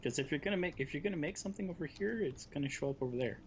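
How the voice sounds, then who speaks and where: A man's voice: fairly high pitch, animated, racing. A man hosting a live game stream, chatting casually and reminiscing, with lots of restarts. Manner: rambling, reminiscing, many restarts and fillers. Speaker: livestream host. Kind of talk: casual chat while gaming. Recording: slightly dull stream audio with faint hiss.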